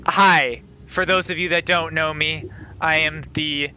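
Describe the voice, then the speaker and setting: A man voicing a formal male royal advisor in a tabletop game, introducing himself with pauses. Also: a little high, steady tone, bright, forceful tone, slight background noise.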